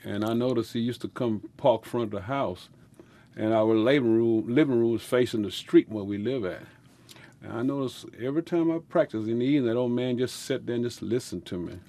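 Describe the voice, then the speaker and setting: A man's voice: mid-range voice, fairly quick, warm tone. An older man with a Louisiana accent, a musician telling rambling stories in an interview with folksy speech and frequent laughter. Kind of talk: storytelling interview.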